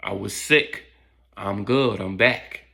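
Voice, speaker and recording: A man's voice: on the low side, slow, vocal fry, sharp tone, voice pushed down, full character voice. A man voicing a tough teenage boy from Brooklyn who stands his ground, speaking bluntly. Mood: curt. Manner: blunt and defiant.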